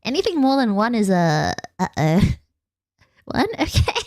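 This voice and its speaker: A woman's voice: medium pitch, very animated, unhurried, darkish tone, dry recording, studio quality. A young Australian woman streaming a casual late-night chat, rambling and giggling as she answers her viewers. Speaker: vtuber streamer.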